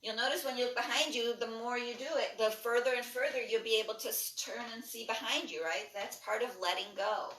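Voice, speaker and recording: A woman instructor leading a guided breathing and movement class, giving calm, rhythmic cues that are mostly soft with brighter bursts. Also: a little high, fairly quick, few pauses, recorded from a distance, slight background noise. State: lightly breathless while jumping. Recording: echoey room, voice a bit off-mic.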